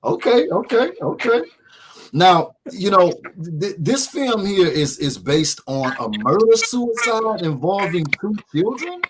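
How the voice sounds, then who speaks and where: A man's voice: high voice, big pitch swings, slow, few pauses. Brief: male radio host, easygoing, noisy studio recording. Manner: laid-back, frequent backchannels. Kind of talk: casual radio interview.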